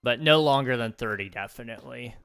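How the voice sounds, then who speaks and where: A young man chats casually while live-streaming a game, thinking aloud with easy fillers and small laughs. His voice is bright and smooth, sitting at an average pitch. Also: fairly quick, soft background music.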